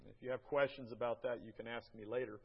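An American man giving a church slideshow talk about a mission trip, folksy and halting, often repeating his words. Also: medium pitch, fairly even intonation, slightly rough, highs cut off. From United States.

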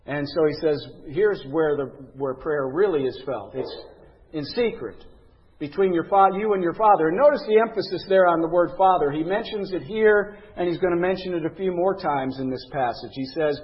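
A man's voice: a little high, normal speed, long reverb tail, lo-fi sound. A man teaching a Bible lesson, earnest and conversational, reading scripture with emphasis.

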